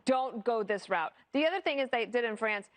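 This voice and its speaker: A woman co-hosting a talk panel who argues her points briskly with quick asides. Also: on the high side, animated. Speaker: talk show co-host. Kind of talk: panel discussion.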